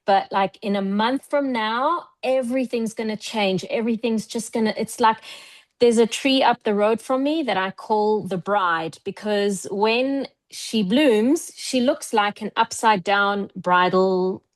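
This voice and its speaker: A woman calling in on a video call, gushing and enthusiastic, talking quickly. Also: mid-range voice. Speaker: friend calling in.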